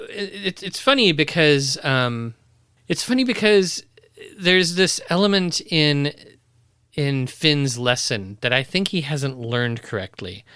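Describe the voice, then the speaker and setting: A man's voice: medium pitch, pushed and bright, smooth, no echo. A man co-hosting a casual podcast, talking things through thoughtfully with dry humor. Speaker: podcast co-host. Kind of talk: casual chat.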